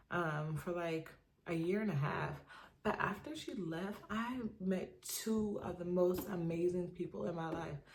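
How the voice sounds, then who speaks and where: A woman's voice: medium pitch, darkish tone, slight background noise. Chatty young woman giving frank advice. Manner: chatty, emphatic, repeats "you know what I mean". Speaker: vlogger. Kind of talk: casual advice monologue to camera.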